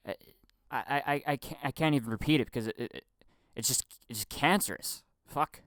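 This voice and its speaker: A young film commentary vlogger with a mid-range, fairly bright voice rants briskly and casually about film acting. He stammers, repeats himself, swears often and does mocking impressions, recorded dry in a clean studio.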